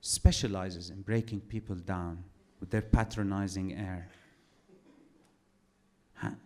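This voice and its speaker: A man doing a stand-up comedy set, telling his story with sardonic, animated delivery. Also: low-pitched, takes it slowly.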